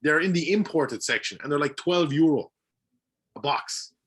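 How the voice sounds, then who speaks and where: An Irish man, a voice actor on a podcast, chatting casually in an animated way, swearing freely and laughing often. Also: fairly high pitch, normal speed, husky. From Ireland. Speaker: voice actor guest.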